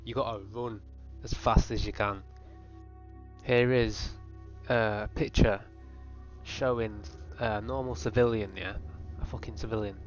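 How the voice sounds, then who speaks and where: This comedy video host is a young man whose voice sits on the low side, with fairly even intonation and an unhurried pace. His voice-over is a rambling, profane rant played mock-serious for laughs. Faint music runs beneath the dull, lo-fi recording.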